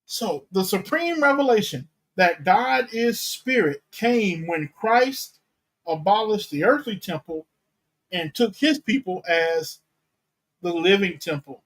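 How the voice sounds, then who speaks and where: A pastor giving a teaching sermon, reading and explaining Bible verses in a deliberate way and unpacking Greek words. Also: male voice, high-pitched, animated, fairly bright tone, low-quality recording. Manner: slow, deliberate Bible exposition with Greek terms.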